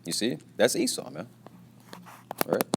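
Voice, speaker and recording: A man teaches a casual scripture lesson from his workplace in a mid-range voice with huge pitch swings, vocal fry, and normal speed, over heavy background noise. He repeats himself, tags lines with "you see" and "man," and sometimes lowers his voice, mindful of being at work.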